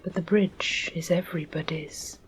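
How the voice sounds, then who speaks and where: A woman's voice: fairly low pitch, steady tone, normal speed, lightly acted, low-quality recording. Woman whispering as a defiant young boy. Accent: English. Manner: defiant, insistent. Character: stubborn, indignant young boy. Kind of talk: whispered role-play.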